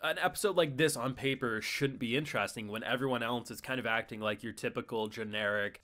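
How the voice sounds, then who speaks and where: Animated male reviewer acting out quotes. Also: mid-range voice, a little fast, hardly any pauses. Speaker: streamer and reviewer. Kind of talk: casual anime review chat.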